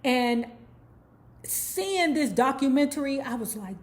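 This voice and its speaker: A woman's voice: medium pitch, lively intonation, normal speed. A woman hosting her own channel, telling a celebrity life story in casual, gossipy commentary, swearing freely and now and then breaking into song. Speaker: YouTube host.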